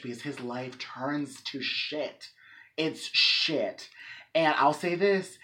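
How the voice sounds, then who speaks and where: A man co-hosting a podcast, retelling a story in casual chat, animated and swearing freely with lots of fillers. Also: fairly high pitch, slow. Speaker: podcast co-host.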